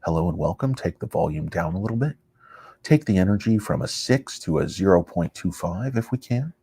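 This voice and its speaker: Low-voiced rambling stock channel host, a man. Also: brisk, slight background noise. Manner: rambling, excitable, self-mocking. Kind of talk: casual market commentary.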